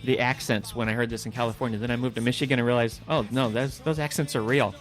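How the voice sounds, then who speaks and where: A man co-hosting a podcast, telling anecdotes in an animated way and acting out the voices he quotes. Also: medium pitch, fast, faint music behind. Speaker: podcast co-host. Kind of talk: casual storytelling chat.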